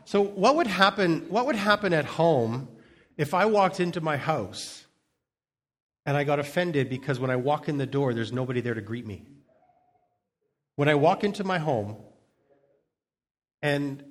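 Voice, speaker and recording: A middle-aged male pastor who preaches in a loose, chatty way, with a mid-range voice. He jokes, tells stories from home and trips over restarts as he goes. It sounds like relaxed talk from the pulpit. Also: mid-range voice, unhurried, long pauses. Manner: chatty, humorous storytelling with frequent restarts and repeated words. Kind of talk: conversational sermon.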